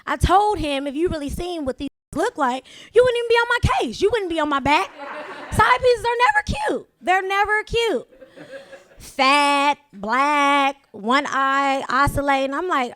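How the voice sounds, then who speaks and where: Sassy high-voiced female stand-up comic. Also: expressive, a little slow, fairly bright tone. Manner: sassy, confiding crowd work. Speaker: stand-up comedian. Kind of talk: stand-up comedy set. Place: comedy club stage.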